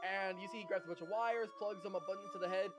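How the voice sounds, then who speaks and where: A man's voice: high-pitched, steady tone, fast, over music. A man narrating as game master of a tabletop game, rambling with many fillers and laughs. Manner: rambling, giggly, filler-heavy.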